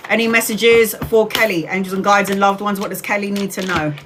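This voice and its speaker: A woman's voice: medium pitch, steady tone, brisk, background noise. A woman in her forties giving live tarot readings, soothing and direct, calling listeners sweetheart and honey. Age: 40s. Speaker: tarot reader.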